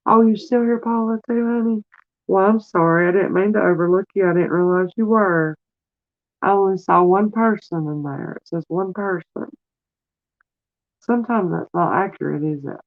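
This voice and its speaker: A middle-aged woman chats casually on a live stream, medium-pitched and at a moderate pace, through a tinny, phone-like recording. She's tearful yet warm, calling her viewers honey and sweetie.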